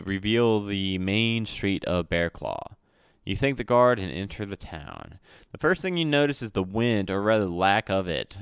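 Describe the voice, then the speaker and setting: A man's voice: low-pitched, a bit bright, smooth, dry recording, clean studio sound. A man reading a solo adventure aloud as game master. He stumbles and corrects himself often and drops in chatty asides. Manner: reads with slips and self-corrections, chatty asides.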